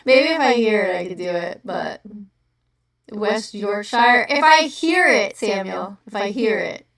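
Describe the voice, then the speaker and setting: A woman's voice: mid-range voice, lively intonation, gravelly, fairly bright tone. A woman from New Jersey with a New Jersey accent, hosting a livestream in rambling, profane casual chat. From New Jersey, USA. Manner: rambling, profane, quick to laugh. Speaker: livestream host. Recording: echoey room, far from the mic.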